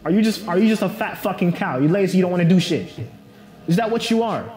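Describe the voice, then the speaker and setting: This is a furious, taunting berater, put on by a man in a skit, who hurls profanity at a lazy slacker. He drags his words out slowly and mockingly. His voice sits well above his normal talk and sounds strained and unlike his own. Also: high-pitched, reverberant, pitched above the performer's own voice, close to an everyday voice. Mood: furious berating.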